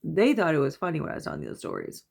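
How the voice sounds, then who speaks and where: A woman in her thirties, a mother, rambling casually in a home vlog, laughing often and getting animated when she quotes herself. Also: low-pitched, rapid-fire, creaky, husky. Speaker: mother and vlogger. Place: at home before bed.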